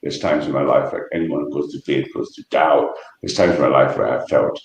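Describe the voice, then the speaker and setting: A man's voice: a bass voice, steady tone, brisk, reverberant, lo-fi sound. A man explaining his Christian faith in a casual online debate, earnest and stumbling over restarts.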